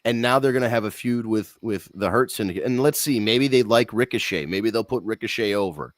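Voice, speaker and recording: A man's voice: on the low side, fairly quick, dry recording. A man hosting a wrestling podcast, giving blunt, rambling opinions in casual talk and swearing freely.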